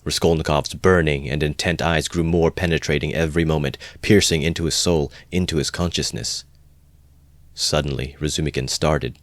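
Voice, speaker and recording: A man narrating a classic novel as an amateur audiobook reading, calm and measured. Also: extremely low pitch, dry recording.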